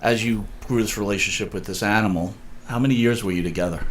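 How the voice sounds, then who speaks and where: Low-voiced man asking interview questions. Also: fast, slight background noise, poor audio. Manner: brief prompts and follow-up questions. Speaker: show host.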